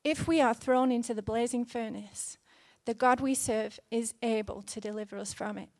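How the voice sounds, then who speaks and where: A woman in her thirties preaching a sermon in an earnest, gently conversational way, with fillers here and there. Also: on the high side, steady tone, moderate pace, no room sound, clean studio sound.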